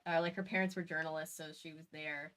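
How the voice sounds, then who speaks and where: Woman host, casual chatty reading, animated, quick little asides. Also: low voice, clear, resonant tone. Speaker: podcast host. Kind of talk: casual chat and reading aloud.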